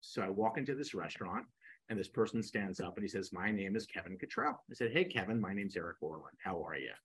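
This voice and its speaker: A man in his sixties, a podcast guest, telling animated stories and acting out the dialogue. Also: sits low, fast, breathy edge, low-quality recording. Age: 60s. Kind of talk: storytelling in a podcast interview.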